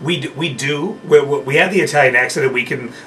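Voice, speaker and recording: A man guest in casual chat who talks in halting, restarting bursts. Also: mid-range voice, pushed and bright. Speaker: gondolier guest. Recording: distant mic, faint background noise.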